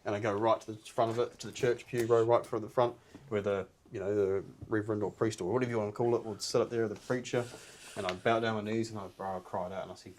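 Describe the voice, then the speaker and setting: A man's voice: fairly low pitch, fairly even intonation, brisk, a little mellow, slight background noise. A man in casual podcast chat, telling stories earnestly and emotionally, often saying "bro".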